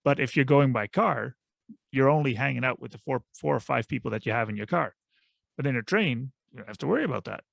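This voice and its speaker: A man co-hosts a casual podcast, talking in a loose, sometimes halting way. His voice has a gravelly fry to it, recorded dry and close. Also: medium pitch, a bit bright, dry recording. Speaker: podcast co-host.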